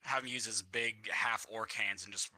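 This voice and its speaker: A man's voice: fairly low pitch, steady tone, normal speed, pushed and bright. A man playing a tabletop game, talking casually and hesitantly about his next move. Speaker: player.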